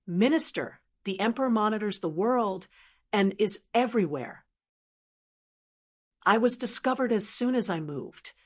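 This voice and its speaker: A woman's voice: medium pitch, expressive, unhurried, long pauses. A woman reading a young male martial artist who pleads hurriedly and sounds wronged. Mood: pleading.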